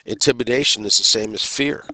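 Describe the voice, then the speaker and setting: A man giving a recorded criminal justice lecture in a measured, deliberate way, pausing and sometimes restarting a phrase. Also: mid-range voice, background noise. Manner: measured, deliberate delivery with pauses and occasional restarts.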